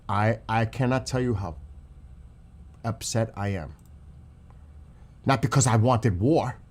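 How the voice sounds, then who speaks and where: A man's voice: fairly low pitch, takes it slowly, darkish tone. A man delivering an angry, profane political rant as a channel host, repeating himself for emphasis and saying how upset he is. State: upset and livid.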